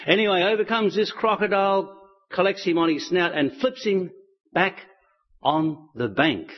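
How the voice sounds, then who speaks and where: A man telling stories to an audience in a relaxed, chatty way. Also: high voice, moderate pace, highs cut off. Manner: relaxed, chatty, with light laughs. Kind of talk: storytelling talk to an audience.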